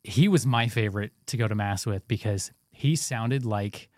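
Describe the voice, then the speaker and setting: A man's voice: on the low side, moderate pace, darkish tone, no room sound. A man hosting a podcast, friendly and joking, who wraps up the episode and thanks his guests. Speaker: podcast host. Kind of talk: casual chat.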